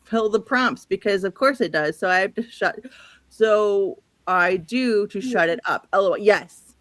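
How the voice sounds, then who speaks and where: A dry recording of a medium-pitched, slightly bright woman speaking at a measured pace. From the Midwest, she hosts an easygoing book livestream and laughs often as she chats through viewer comments.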